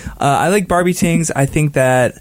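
A man's voice: a little high, no room sound. A man on a music podcast panel, talking casually with frequent fillers and restarts. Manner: halting, many fillers and restarts. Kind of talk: casual chat.

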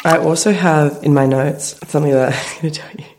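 A young woman tells a story to her co-host, breaking into giggles as she goes. Her voice sits low for a woman, and she keeps the telling animated. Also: fairly quick, slight background noise. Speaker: podcast co-host. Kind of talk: casual chat.

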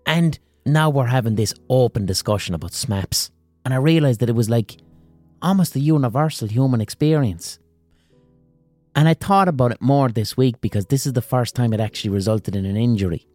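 A man hosting a podcast, telling a crude comic story in an animated way. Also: mid-range voice, fairly quick, no echo, soft background music. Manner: crude, animated, gasping impressions. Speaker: podcast host.

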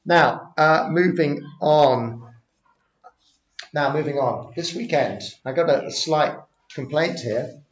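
A man's voice: a little high, takes it slowly, a little hiss or hum. A middle-aged man hosting a casual sports chat, steering the talk and jumping from topic to topic. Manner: chatty, runs the show, jumps between topics. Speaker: podcast host. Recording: roomy, dull lo-fi recording.

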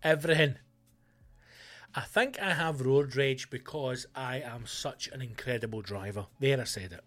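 Loud sweary Scottish man ranting. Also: medium pitch, normal speed, faint music behind. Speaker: comedian podcast host. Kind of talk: ranting comedy podcast monologue.

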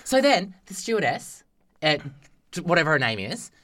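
Man, young adult, podcast co-host, swooping wildly expressive pitch, bright edge, profane rant. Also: moderate pace. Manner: profane, exasperated, acts out quotes. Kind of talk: casual ranting storytelling.

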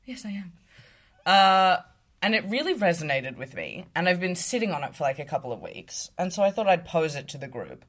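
A woman's voice: lowish voice, very animated, fairly quick, fairly bright tone. A woman co-hosting a podcast in casual chat, playful and giggly, now and then slipping into a mock British accent. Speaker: podcast co-host.

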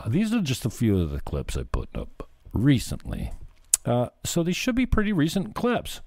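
A man's voice: medium pitch, wildly swooping pitch, takes it slowly, creaky, long pauses, darkish tone, dry recording. A man hosting a podcast, rambling through casual political commentary with profanity and sarcasm. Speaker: podcast host.

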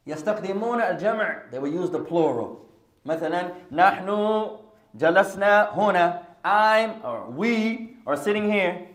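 Lively bilingual man teaching in an echoey room. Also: high voice, moderate pace. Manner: switches between English and Arabic, jokes with students. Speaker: Islamic studies teacher. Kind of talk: classroom lesson with humorous asides. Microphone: podcast recording of a class.

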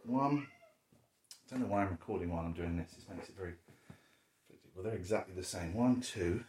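Packing up indoors at home, a forties-aged vlogger talks freely and at length, slipping in remarks to his dog and breathing hard after the stairs. He speaks briskly in a low, darkish voice over slight background noise.

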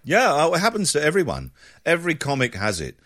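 A man's voice: a little high, fairly quick, no room sound, studio quality. A man, a comedian, telling anecdotes in an interview and acting out voices as he goes. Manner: lively storyteller, acts out voices. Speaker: comedian guest.

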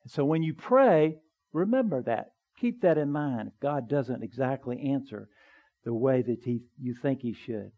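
A man's voice: medium pitch, expressive, normal speed, narrow, tinny audio. A middle-aged man preaching a sermon in a conversational way, often checking in with "okay?" and "right?".

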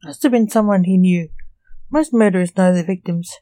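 A woman's voice: fairly low pitch, moderate pace, warm tone, no echo, close to an everyday voice. A woman reading the lines of a curt, irritable male coroner in a story. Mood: matter-of-fact. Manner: curt and snappish.

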